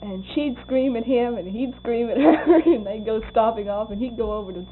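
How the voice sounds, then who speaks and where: A woman's voice: a little high, normal speed. Older woman telling stories on tinny tape. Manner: laughing, animated storyteller acting out quoted voices. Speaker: interviewee. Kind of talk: oral history storytelling. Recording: tinny lo-fi tape with faint hum.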